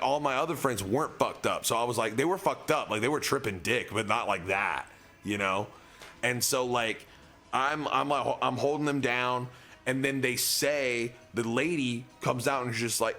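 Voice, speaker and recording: Young guy streamer rambling a story, lots of likes, kinda gravelly voice. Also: medium pitch, sharp tone. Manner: rambling, heavy use of filler words. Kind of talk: casual storytelling.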